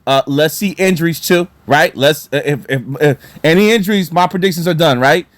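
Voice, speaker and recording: A man chatting casually about basketball as a vlogger, animated and excitable, with lots of fillers and repeated words. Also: fairly high pitch, a little fast, no room sound. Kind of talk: casual sports talk.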